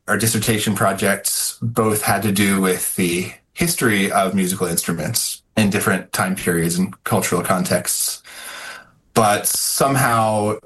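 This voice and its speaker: A man's voice: fairly low pitch, fairly even intonation, unhurried, fairly bright tone. A man speaking as a guest author in an interview, thoughtful, with many fillers and restarts. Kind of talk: casual interview answers.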